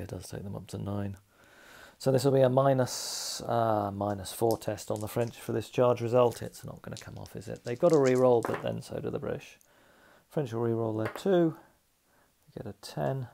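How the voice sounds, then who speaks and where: A man playing a solo tabletop wargame narrates his dice rolls in casual play-by-play, working methodically and thinking aloud as he tallies them. His voice is gravelly and dark yet mid-range in pitch.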